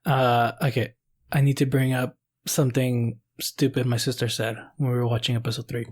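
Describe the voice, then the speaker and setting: A man's voice: mid-range voice, flat delivery, normal speed. A man in casual chat as a podcast co-host, rambling with lots of fillers and some swearing. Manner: rambling, many fillers, swears when telling a story.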